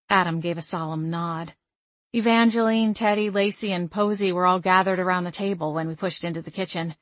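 Soft-spoken woman narrating an audiobook. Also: on the low side, fairly even intonation, a little fast, dry recording. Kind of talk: first-person audiobook narration.

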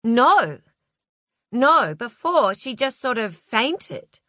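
Shrill jumpy young office assistant a lady puts on, high and loud, dry close read. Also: normal speed, no room sound, lightly acted. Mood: agitated.

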